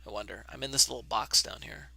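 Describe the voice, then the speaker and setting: A man's voice: on the low side, quick pace, creaky, bright, forceful tone, slightly rough. A man teaching an online math class, talking casually and thinking aloud as he writes and adjusts his camera, recorded on a webcam. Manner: casual, talks to himself while setting up camera.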